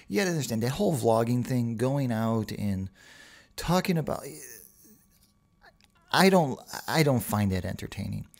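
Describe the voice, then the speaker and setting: A man's voice: medium pitch, vocal fry, darkish tone. A man hosting a solo podcast, talking casually and rambling with profane asides. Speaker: podcast host.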